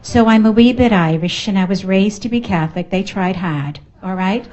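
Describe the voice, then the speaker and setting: Animated middle-aged Boston woman speaker. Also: medium pitch, normal speed, dull audio. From United States. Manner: animated, emphatic, playful. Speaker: motivational speaker. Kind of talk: motivational talk to a live audience. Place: function room at a networking event.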